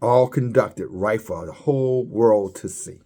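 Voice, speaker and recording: Preaching a religious commentary, this man has a warm tone. He halts and repeats himself, and his pitch rises sharply whenever he emphasizes something.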